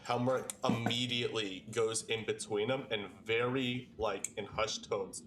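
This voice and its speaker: A man's voice: fairly low pitch, fairly even intonation, measured pace, background noise. A man playing in a tabletop game, casually narrating his character's actions. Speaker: player.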